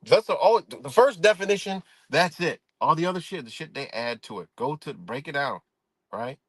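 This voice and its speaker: Middle-aged dude ranting on his livestream, kinda high voice, cussing a lot, dry close mic. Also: normal speed, breathy edge, dry recording. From Rochester, New York. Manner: profane, rambling, animated storytelling. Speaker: live stream host. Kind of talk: casual livestream monologue.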